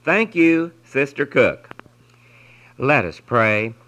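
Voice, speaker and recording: A man reading a devotional story aloud in an earnest, expressive way, then leading a prayer. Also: mid-range voice, slow, low-quality recording. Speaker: devotional reader.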